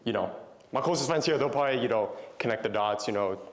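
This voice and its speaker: A man's voice: mid-range voice, quick pace. A young adult man giving a Christian talk to young men, telling stories in a conversational way and putting questions to the audience. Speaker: motivational Christian speaker. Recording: echoey room.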